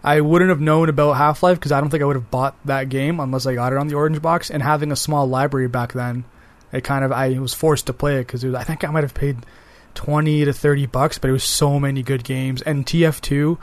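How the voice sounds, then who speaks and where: A man's voice: medium pitch, steady tone, brisk. A man co-hosting a casual games podcast, talking in a chatty, eager way. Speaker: podcast co-host. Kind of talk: casual chat about games.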